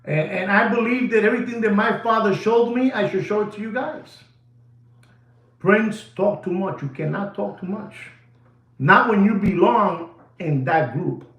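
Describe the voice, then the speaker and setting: A man's voice: high-pitched, normal speed, reverberant, lo-fi sound. A man hosting a live watch-sale stream, talking in a rambling, emphatic way and repeating phrases over and over.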